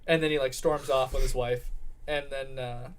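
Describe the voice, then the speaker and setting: A man's voice: medium pitch, fairly even intonation, moderate pace, a little hiss or hum. A young man on a podcast telling a story in a rambling way with lots of fillers. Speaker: podcast co-host. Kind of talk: casual podcast chat.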